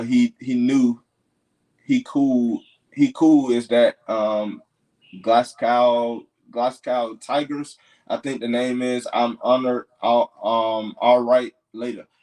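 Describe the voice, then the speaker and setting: A young man hosts a casual livestream, talking straight to his viewers. He reads their comments and cheers them on in a loose, easygoing way, packing his sentences with "you know" and "man". His pitch sits right in the middle for a man. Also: fairly even intonation, slow, a little mellow, low-quality recording. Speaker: livestream host.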